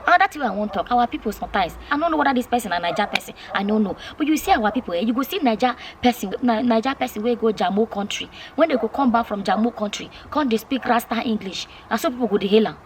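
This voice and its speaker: A woman's voice: a little high, animated, quick pace, hardly any pauses, background noise. A Nigerian woman vlogging to camera, chatting casually, repeating her points and asking viewers questions. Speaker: YouTube vlogger.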